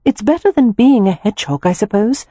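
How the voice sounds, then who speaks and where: A woman reading an audiobook, voicing a lively young woman who is amused and a little skeptical. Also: mid-range voice, a little fast, dry recording, voice pushed up, close to an everyday voice. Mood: wry. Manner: wry and teasing.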